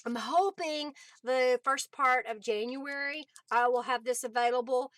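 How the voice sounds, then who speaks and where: A woman's voice: high-pitched, unhurried, a bit bright, no echo. A woman hosting a crafting livestream, chatting easily and answering viewers by name between laughs. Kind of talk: casual livestream chat while crafting.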